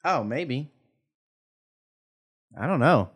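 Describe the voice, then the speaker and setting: A man trading jokes with friends in loose podcast chatter. His pitch moves widely as he teases and riffs. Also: animated, drawn-out words, slightly rough. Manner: joking, teasing, drops into a low drawl for bits. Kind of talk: casual banter.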